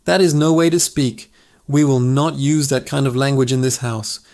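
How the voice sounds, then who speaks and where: A man's voice: mid-range voice, fairly even intonation, normal speed, a little mellow, natural voice. A man voicing a prim, genteel lady in a told joke, speaking sweetly and properly. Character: prim, genteel older lady pet owner.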